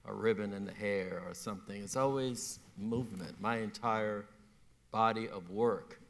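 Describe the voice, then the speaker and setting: A man with a low, gravelly voice speaks as a painter on a panel. He talks in a reflective, measured way. He is on a festival stage, with a creaky edge to his voice. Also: steady tone. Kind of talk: panel conversation.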